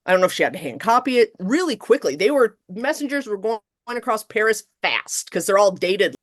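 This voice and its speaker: A middle-aged woman professor chatting in an interview, lively and expressive, acting out quotes with big jumps in her voice. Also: fairly quick, no echo, clean studio sound. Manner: animated, acts out quotes with big pitch jumps. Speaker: guest professor. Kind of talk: casual interview chat.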